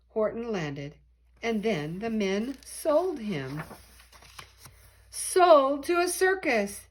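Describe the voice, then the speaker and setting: An older woman, a grandmother, reading a rhyming picture book aloud with lively expression. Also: medium pitch. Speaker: storyteller.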